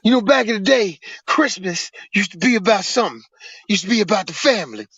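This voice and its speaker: A podcast co-host who jokes and swears freely. His voice sits high and swings widely. The sound is dry and a little dull. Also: lively intonation, brisk, a bit bright, slightly rough, no echo. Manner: joking, profane, does mock voices. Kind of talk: casual comedic chat.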